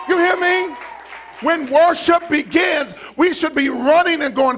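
High-voiced fiery preacher man. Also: sing-song, unhurried, some chatter behind. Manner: fiery, shouting, call-and-response with congregation; acts out quoted voices and repeats words for emphasis. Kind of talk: live sermon.

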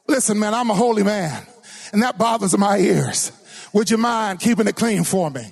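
A man preaching a sermon as pastor, with call-and-response, sometimes shouting, sometimes singing his lines. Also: high voice, expressive, normal speed, gravelly.

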